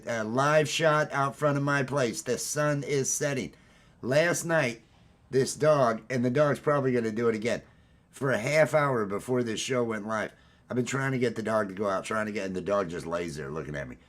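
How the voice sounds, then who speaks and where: A man's voice: mid-range voice, moderate pace. A man hosting a casual livestream from home, upbeat and rambling as he greets his viewers. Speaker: livestream host. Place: at home, green screen.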